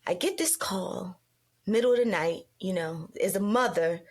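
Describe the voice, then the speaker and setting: Middle-aged woman host, mid-pitched, animated storyteller who acts out quoted lines. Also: moderate pace. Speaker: podcast host. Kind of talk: emotional storytelling conversation.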